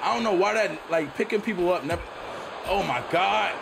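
A young man playing a video game and commentating excitedly, repeating himself and shouting at the screen. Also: sits high, brisk, creaky. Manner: loud, repetitive, often shouting at the game. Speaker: gaming YouTuber. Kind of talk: excited let's-play commentary. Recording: noisy game audio behind.

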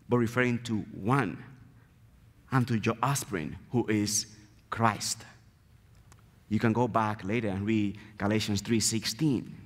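A man from the Dominican Republic with a Dominican Spanish accent, a native Spanish speaker preaching a sermon earnestly and emphatically, repeating his key phrases. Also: on the low side. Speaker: guest preacher. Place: church sanctuary. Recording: church hall reverb.

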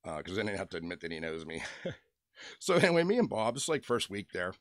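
Speaking quickly in a lowish, sing-song voice, this toy customizer vlogger from western Pennsylvania tells a rambling, joking story at home while his dog sits close by. The middle-aged man is chatty and chuckles between stories, and the sound is clean studio audio without any room sound.

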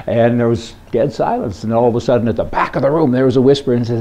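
Joking man with a dark voice. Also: medium pitch, fast talker, few pauses, lo-fi sound. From Canada. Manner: joking, rambling, full of rhetorical questions. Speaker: host. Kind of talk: opinion commentary monologue.

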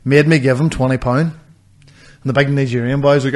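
A young man co-hosting a casual podcast, telling a rambling tale peppered with swearing. His voice sits at an ordinary middle pitch. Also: fairly even intonation, quick pace. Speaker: podcast co-host. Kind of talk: casual storytelling chat.

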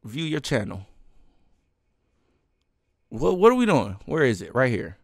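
A man's voice: medium pitch, sing-song, a little slow, no room sound, clean studio sound. A man ranting live as a streamer, heated and swearing, with laughs breaking in between lines.

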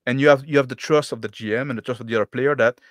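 Male game master, mid-pitched and dry, talks things through and keeps checking in with "right?". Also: steady tone, racing, no echo. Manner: explains at length, tags points with "right?". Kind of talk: casual chat.

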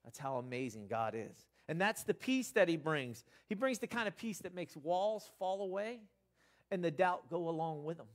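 A man's voice: lively intonation, normal speed. Earnest man preaching with swings in volume. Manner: earnest, rising to emphatic bursts then dropping low. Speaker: pastor. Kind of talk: sermon.

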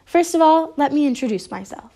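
A woman's voice: high-pitched, expressive, brisk, mellow, pitched above the performer's own voice. A woman voicing a screechy, scheming old male mad scientist who talks in a gloating, wheedling way.

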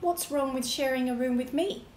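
A woman reading the part of a cheeky young boy who teases and gets excited easily. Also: medium pitch, normal speed, reverberant, a little hiss or hum, lightly acted. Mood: eager.

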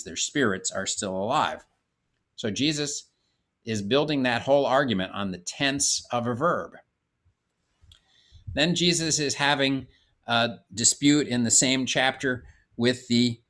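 A man giving a measured, explanatory Bible course lecture, reading passages aloud and explaining them. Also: medium pitch, a bit bright. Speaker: Bible teacher. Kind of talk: classroom lecture on scripture.

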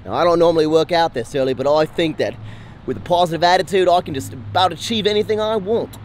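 A man's voice: fairly high pitch, fast, a little hiss or hum, voice pushed up, lightly acted. A man putting on a chirpy mock-London voice. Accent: put-on London.

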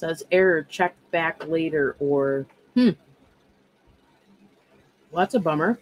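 Slow, low-voiced woman calling a live auction. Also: lively intonation, poor audio. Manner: reads viewer comments aloud and calls bids. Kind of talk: live-stream auction chat.

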